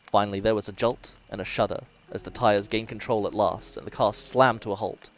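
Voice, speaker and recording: A man's voice: on the low side, steady tone, quick pace, hardly any pauses, no room sound. A man streamer dramatically reading a horror story aloud, sometimes breaking off to swear and joke with his chat.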